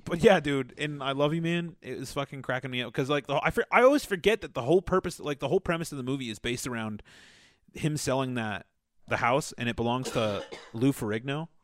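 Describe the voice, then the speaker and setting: A man's voice: medium pitch, a little fast, no room sound, studio quality. A young man co-hosting a casual podcast, swearing freely and retelling movie scenes with energy. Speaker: podcast co-host. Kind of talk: casual chat.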